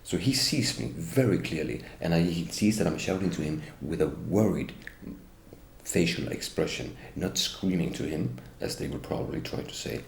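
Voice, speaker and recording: A middle-aged man speaks English in a very low, gravelly voice. He tells his account with bitter indignation and keeps turning to accuse the people he blames. The sound is roomy and echoey, with faint ambience behind him. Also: lively intonation, normal speed, a little hiss or hum. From Norway. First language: Norwegian. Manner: indignant, bitter, addresses the police directly. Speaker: interviewee. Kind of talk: first-person account.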